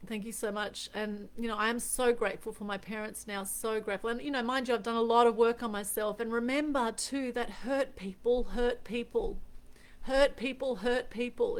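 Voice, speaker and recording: A woman's voice: a little high, fairly even intonation, brisk, few pauses. A middle-aged woman with an Australian accent speaks straight to camera on a live stream. She is earnest and reflective and circles back to repeat her key lines for emphasis. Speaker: host. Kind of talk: unscripted Facebook Live chat.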